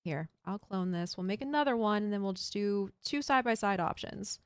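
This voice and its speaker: A woman's voice: medium pitch, lively intonation, fairly quick, smooth, no echo, clean studio sound. A woman streaming a building game, chatting casually and thinking aloud while she builds and reads chat. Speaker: Minecraft streamer.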